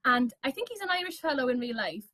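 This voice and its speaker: A woman in her thirties chatting as a guest on a video call, enthusiastic and quick to laugh. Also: high voice, very animated, a bit bright. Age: 30s. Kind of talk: casual chat.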